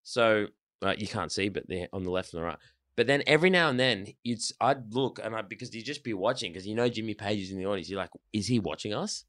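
A man, a band member telling stories loudly and animatedly, swearing freely in casual chat. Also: on the low side, fast talker, no echo, studio quality. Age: 30s. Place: rehearsal studio.

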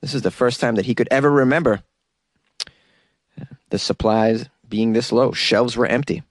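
A man's voice: mid-range voice, normal speed, dry recording, studio quality. A man hosting a casual solo podcast, chatty and jokey and rambling, who often laughs at his own jokes. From New York. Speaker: podcast host.

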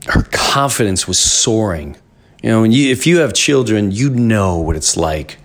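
A middle-aged man hosting a podcast, telling a story in an animated, rambling way and often repeating himself. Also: fairly low pitch. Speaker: podcast host. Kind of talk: casual storytelling monologue.

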